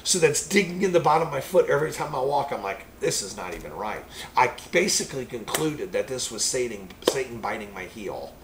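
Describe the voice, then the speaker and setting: A man who is a preacher, telling a personal testimony story in a rambling, animated way. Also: medium pitch, brisk, few pauses, poor audio.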